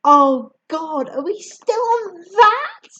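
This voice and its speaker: Woman doing a high exasperated schoolgirl, blunt, storybook voice, slow and bouncy, dull lo-fi sound. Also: very animated, pushed and bright, heavily acted.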